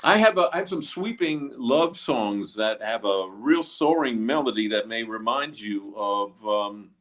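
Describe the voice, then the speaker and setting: A man's voice: on the low side, expressive, a little slow, a bit bright. A man being interviewed about his music, talking in a rambling way with many fillers and restarts. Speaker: guest musician. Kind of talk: casual interview.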